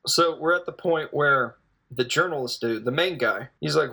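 Bright-voiced man rambling through a film recap. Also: a little high, normal speed, vocal fry, husky. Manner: rambling, hesitant, joking plot retelling. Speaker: film reviewer. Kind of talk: casual spoken film recap.

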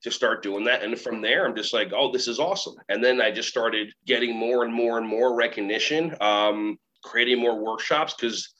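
A man talking as a guest trainer, telling animated stories and acting out the voices of kids and teachers. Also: medium pitch, normal speed, hardly any pauses. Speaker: guest, workshop trainer and keynote speaker. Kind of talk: storytelling interview talk. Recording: slightly muffled recording.

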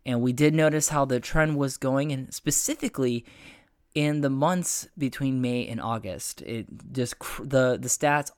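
A man's voice: mid-range voice, smooth, no room sound, clean studio sound. A man hosting a podcast, talking casually about his work and week, his voice nasal and congested from the flu, rambling with many restarts. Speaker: podcast host. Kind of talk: casual personal update.

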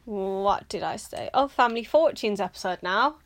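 A woman's voice: mid-range voice, animated, normal speed. A woman in casual chat, playfully teasing and chiming in with short reactions.

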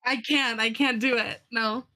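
A woman's voice: a little high, fairly even intonation, a little slow, sharp tone. A woman co-host in casual chat who teases playfully. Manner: teasing, playful.

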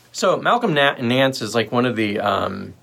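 Lively, blunt male livestream host. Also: medium pitch, takes it slowly, gravelly, slightly rough. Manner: blunt, rambling and sarcastic. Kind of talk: casual solo livestream talk.

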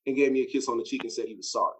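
Guy telling a creepy story at a rapid clip, swearing a lot, acting out what he said back then. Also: medium pitch, background noise. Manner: profane, blunt, re-enacts his own reactions. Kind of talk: casual storytelling.

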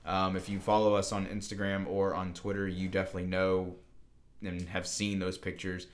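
Lowish-voiced young man telling a story. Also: monotone, normal speed. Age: young adult. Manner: rambling, full of fillers and restarts. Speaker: podcast co-host. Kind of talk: casual chat, storytelling.

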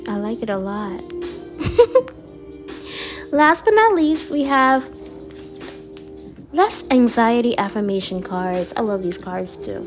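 Laid-back lady reading affirmation cards real slow, kinda high voice, lots of laughs. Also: animated, music in the background. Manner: laid-back, laughs often, slangy asides; reads cards slowly and deliberately. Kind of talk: casual chat.

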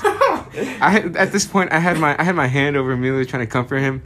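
A man's voice: on the high side, big pitch swings, moderate pace, noisy background. A man in casual chat adding a side story to a friend's tale, amused and laughing as he talks. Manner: amused, laughing while telling. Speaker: friend on a podcast.

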